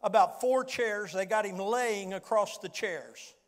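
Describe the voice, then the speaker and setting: A man with a West Virginian accent preaching a fervent Pentecostal sermon, telling a story with emphatic repetition and shouted declarations. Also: high-pitched, a little slow. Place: large church sanctuary. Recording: long hall reverb from church PA.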